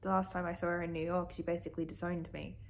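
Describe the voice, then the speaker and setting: A woman's voice: lowish voice, level tone, fast, slight background noise. A young woman from Australia, chatting casually and emotionally about a book and reading passages aloud, swearing freely. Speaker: book vlogger. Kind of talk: casual reading reaction vlog.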